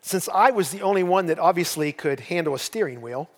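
An older pastor preaches, winding through homespun stories with a folksy, self-mocking humor. His voice sits high for a man. The sound rings with the long reverb of a large church hall. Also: lively intonation, fairly quick. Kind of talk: sermon with personal storytelling. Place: church sanctuary.

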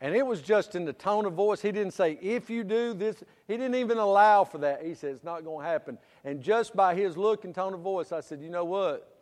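A middle-aged man preaching a sermon, swinging from loud preaching to quiet storytelling. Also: high-pitched, brisk. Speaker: pastor. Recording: church hall reverb.

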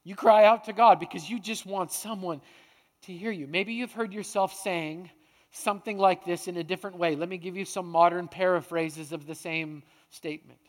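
High-voiced preacher in a reverberant hall. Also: male voice, fairly even intonation, normal speed. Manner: dramatic, swings between hushed and loud. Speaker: pastor. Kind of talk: sermon.

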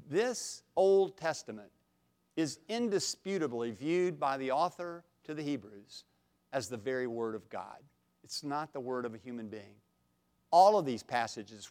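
Animated man preaching a sermon. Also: fairly high pitch. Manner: animated, swings from quiet asides to loud emphatic bursts; folksy, self-deprecating humor. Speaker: pastor. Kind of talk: expository sermon.

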